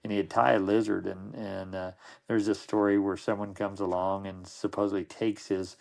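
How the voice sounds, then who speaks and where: Gravelly low-voiced middle-aged man. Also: flat delivery, normal speed, darkish tone. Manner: rambling, with frequent restarts and repeated words. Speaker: podcast guest. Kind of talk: casual anecdotal storytelling.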